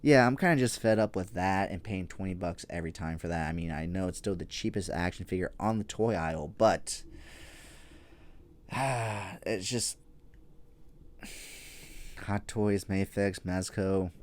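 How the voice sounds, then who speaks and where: A man's voice: sits low, a little slow, pauses often. A man hosting a toy news podcast, chatting casually and rambling with frequent fillers and casual swearing. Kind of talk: casual solo podcast chat.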